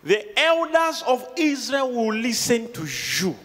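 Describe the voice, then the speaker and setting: A man preaching a sermon to a congregation, shouting and calling for responses. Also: very high voice, wildly swooping pitch, slow pace. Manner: emphatic call-and-response preaching, often shouting. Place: large hall with a congregation. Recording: reverberant hall, crowd noise behind.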